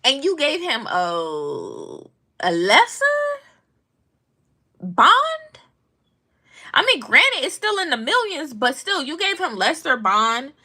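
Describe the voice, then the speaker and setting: Young woman ranting on her vlog, pitch jumping all over, cussing and slangy. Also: takes it slowly, long pauses. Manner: animated, blunt, slangy and profane. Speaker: vlogger commenting on news. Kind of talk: casual storytelling commentary.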